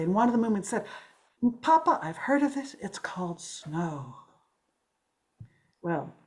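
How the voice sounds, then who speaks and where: A woman in her sixties telling a story to a live audience, playful and animated, swooping her voice up and down for effect. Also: mid-range voice. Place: storytelling gathering.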